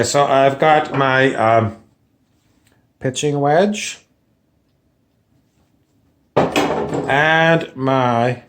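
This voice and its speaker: A pompous self-styled expert on golf and wine, as a man puts him on, looking down his nose with mock confidence. He speaks slowly and deliberately, like someone savoring his own opinions. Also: medium pitch, fairly bright tone. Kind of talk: comedy sketch character.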